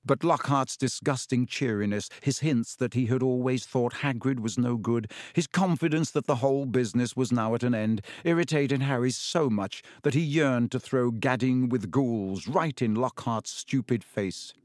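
A man reads an audiobook aloud, telling the story in a steady, measured way. His voice sits in the mid range, and the studio-quality recording has no echo.

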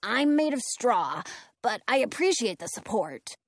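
A woman's voice: a little high, big pitch swings, unhurried, dry recording, clean studio sound, exaggerated voice. A woman voicing a modest, friendly male scarecrow in a storybook.

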